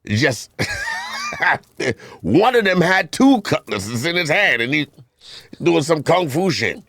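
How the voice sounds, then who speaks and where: A man's voice: on the high side, wildly swooping pitch, takes it slowly, a bit bright, dry recording. A man, co-hosting a podcast and trading teasing banter while telling stories on a studio mic. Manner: teasing, boastful storyteller. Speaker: podcast co-host. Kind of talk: casual banter.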